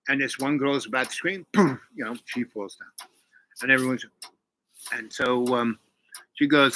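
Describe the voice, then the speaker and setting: A man's voice: mid-range voice, moderate pace, pauses often, pushed and bright, a little hiss or hum, poor audio. A man casually retelling a movie plot, rambling with many fillers and restarts. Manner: rambling, full of "you know" and restarts. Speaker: channel host.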